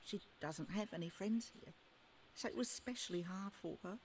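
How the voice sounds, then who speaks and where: A woman's voice: medium pitch, moderate pace, a little mellow, a little hiss or hum, lightly acted. A woman playing a bitter, loyal lady's maid. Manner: bitter, old-fashioned formal speech. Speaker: loyal maid in a detective game.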